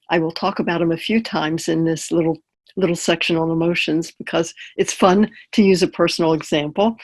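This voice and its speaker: Woman, chaplain, webinar talk, conversational, personal examples, check-in questions. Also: lowish voice. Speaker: palliative care chaplain.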